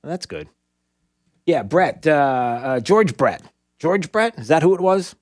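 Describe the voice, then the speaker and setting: A man's voice: on the high side, big pitch swings, a little slow, dry recording, studio quality. Rambling male talk radio host. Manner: rambling, many fillers and restarts. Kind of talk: casual talk radio monologue. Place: radio studio.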